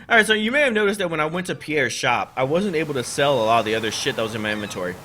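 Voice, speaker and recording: A man's voice: medium pitch, animated, quick pace, sharp tone, a little hiss or hum. A man giving rambling, chatty let's play commentary while playing a farming game, with casual swearing. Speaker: gaming channel host. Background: game music.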